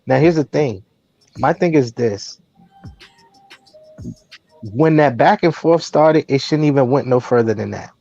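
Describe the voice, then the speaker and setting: A man's voice: mid-range voice, a little slow, gravelly, long pauses, mellow, lo-fi sound, faint music behind. A man on a casual talk show making his point emphatically, often repeating words as he goes. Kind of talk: casual chat.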